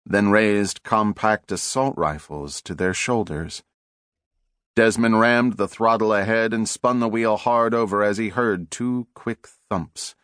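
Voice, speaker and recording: A man giving measured, dramatic scripted narration for an audiobook on a close studio mic. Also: on the low side, dry recording.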